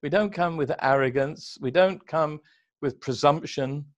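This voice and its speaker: A man with a fairly high voice leads an online church conversation, retelling a Bible story. He acts out the characters' words as he goes. The sound is dry and close. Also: unhurried, no echo, highs cut off. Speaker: minister leading an online service.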